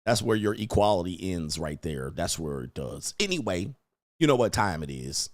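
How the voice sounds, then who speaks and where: A man's voice: low-pitched, very animated, moderate pace, no room sound, clean studio sound. Blunt crude man ranting on a livestream. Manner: blunt, crude, laughs at his own jokes. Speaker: livestream host. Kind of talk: casual livestream rant.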